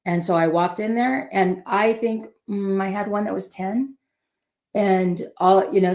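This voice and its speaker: Brief: older woman guest, lively storyteller who acts out quotes, mid-pitched, recorded in an echoey room. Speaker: parenting guest. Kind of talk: casual advice chat. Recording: roomy echo.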